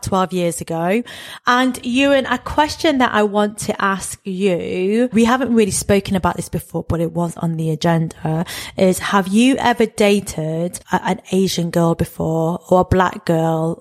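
A woman, co-hosting a podcast in casual chat and telling stories in an animated way. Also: medium pitch, normal speed. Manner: chatty, animated storytelling with laughs. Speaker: podcast co-host.

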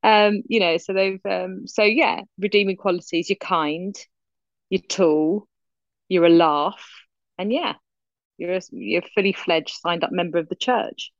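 Animated woman telling a story. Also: on the low side, a little slow, dry recording, highs cut off. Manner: animated storytelling with lively quoted voices. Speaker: podcast co-host. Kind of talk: casual chat.

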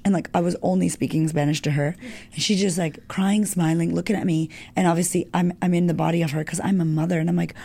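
Frank woman with a dark gravelly voice. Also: lowish voice, fairly even intonation, fast. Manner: frank and emotional, swears freely. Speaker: guest. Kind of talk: candid personal storytelling.

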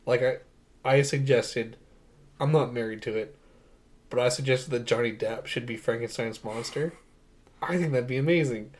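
Chatting about a movie on a podcast he co-hosts, a young man sounds casual and enthusiastic, rambling and often laughing. His voice sits in the mid-range at normal speed, broken by long pauses.

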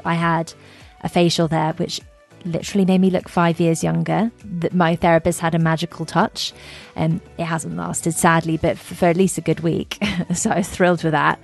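A woman's voice: on the low side, gravelly, a little mellow. A woman hosting a travel podcast, chatting enthusiastically about her trips with gushing asides and fillers. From England. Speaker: podcast host.

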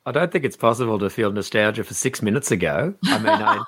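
A man, a stand-up comedian, chatting on a podcast and acting out quoted people in raised, lively voices. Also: mid-range voice, fast talker, husky. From Australia. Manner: animated storyteller, acts out quotes in raised voices. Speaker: comedian guest. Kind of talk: casual podcast chat.

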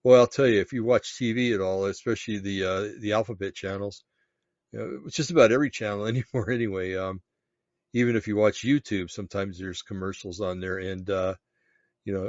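A man casually talking through a web page on screen, pausing often with ums and restarts. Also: fairly low pitch, a little mellow, no room sound. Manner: halting, many ums and restarts. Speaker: vlogger reading a web page aloud. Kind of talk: casual screen-share commentary. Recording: dull, lo-fi, dry sound.

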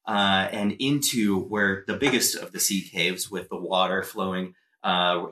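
A man with a low yet bright, forceful voice narrates a tabletop game as its game master. He tells the scene in a measured, descriptive way.

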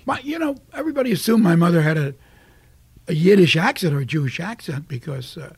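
An older man from Brooklyn with a New York accent, a guest telling animated stories in a casual interview. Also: fairly high pitch, fast, slightly rough, no room sound. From Brooklyn, United States. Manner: animated storyteller acting out voices.

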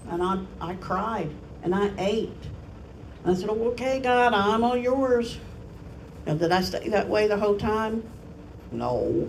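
A woman's voice: mid-range voice, creaky, distant mic, a little hiss or hum, poor audio. A woman family pastor giving a sermon in an earnest, self-deprecating way, laughing at herself.

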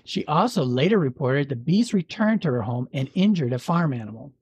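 A man with a slightly husky voice reads a local legend aloud, unhurried and measured, sometimes dropping a dry joke. The sound is close and dry, with no room around it. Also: fairly high pitch, animated, a little mellow, no room sound, lo-fi sound. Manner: measured storytelling, dry jokes. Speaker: podcast host. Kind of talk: reading a legend aloud with banter.

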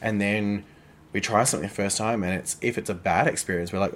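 A man in his thirties co-hosting a podcast, talking in a blunt, crude, animated way and swearing freely. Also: fairly low pitch, fairly quick, slight background noise. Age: 30s. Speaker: podcast co-host. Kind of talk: casual chat.

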